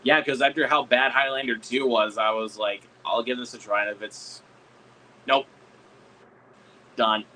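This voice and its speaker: Excitable guy chatting on a livestream, crisp bright tone, lots of cussing. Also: medium pitch, a little slow, long pauses, slight background noise, rough recording. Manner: excitable, swears a lot, laughs often. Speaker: streamer. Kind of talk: casual livestream chat.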